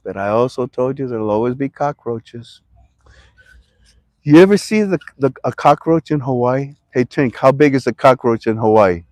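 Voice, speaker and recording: A lively currency commentary vlogger from Toledo, Ohio rambles casually to camera, shouting for emphasis and talking to himself in two voices. His mid-range voice moves at a moderate pace, recorded at studio quality with no echo.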